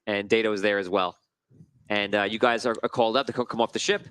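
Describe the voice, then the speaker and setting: Brief: chatty game master, bright, forward tone, rambling and self-correcting. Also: male voice, fairly low pitch, steady tone, fast talker, clean tone, no echo. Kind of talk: narrating a tabletop game.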